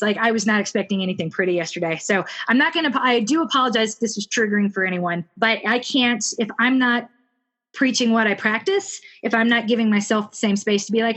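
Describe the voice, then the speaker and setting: A woman's voice: on the high side, quick pace, fairly bright tone. A woman fitness coach co-hosting a podcast, speaking candidly and directly in a heartfelt conversation.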